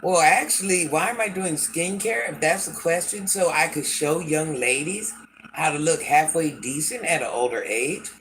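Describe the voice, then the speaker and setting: Sitting low in pitch with lively intonation, an older woman speaks at normal speed as she hosts a casual livestream, a slight hiss or hum in the audio. She answers her viewers' comments sassily and bluntly, often using the third person for herself.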